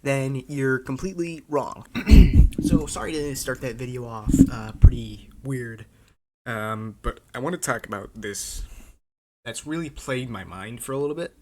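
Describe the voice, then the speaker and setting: Male vlogger, tired and sarcastic, rambling political take, mid-pitched voice. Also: a little slow, warm tone, slight background noise. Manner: rambling, sarcastic, self-interrupting. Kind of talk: casual political commentary.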